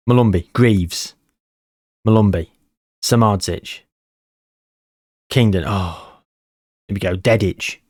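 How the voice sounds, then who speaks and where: A man, tired, giving casual commentary on a football management game and muttering player names between bursts of excitement. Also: lowish voice, slow, long pauses, no echo, studio quality. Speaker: gaming channel host.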